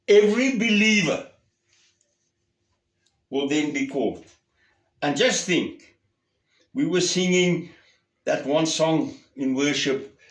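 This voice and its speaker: Slow, earnest preacher in a roomy hall. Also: male voice, a little high, expressive. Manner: earnest, emphatic, swings from raised to hushed. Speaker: pastor. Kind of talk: sermon.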